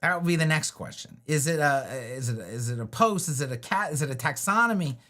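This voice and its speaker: A man's voice: fairly high pitch, animated, fairly quick, pushed and bright. A man hosting a live web design stream, thinking aloud as he works, loose and talkative with frequent restarts and little jokes to himself. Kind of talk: thinking aloud while building a website live.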